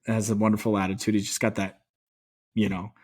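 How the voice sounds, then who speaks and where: A man co-hosting a podcast, chatting about sports as an excited, rambling fan with some mild swearing. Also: fairly low pitch, brisk, husky. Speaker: podcast co-host. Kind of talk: casual sports chat.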